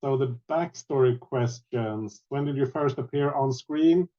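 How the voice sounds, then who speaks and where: A man playing in an online tabletop game, explaining his character hesitantly with frequent pauses. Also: mid-range voice, dark tone, dull audio. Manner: hesitant, many fillers and restarts. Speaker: player.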